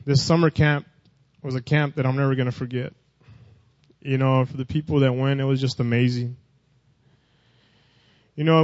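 A man's voice: mid-range voice, dry recording, muffled recording. A man preaching a sermon. He reads scripture and then talks plainly, repeating and restarting phrases, and his voice rises when he reads verses.

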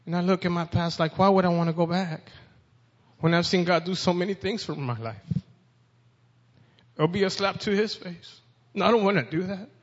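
A man's voice: sits high, moderate pace. A man preaching a sermon, reading scripture aloud with rising force and speaking directly to his listeners. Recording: dull sound with long reverb.

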